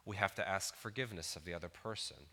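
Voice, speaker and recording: A man's voice: low-pitched, fast talker, pushed and bright, in a large hall. A man in his thirties preaching a sermon in an earnest, conversational way, building to emphatic peaks. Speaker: pastor.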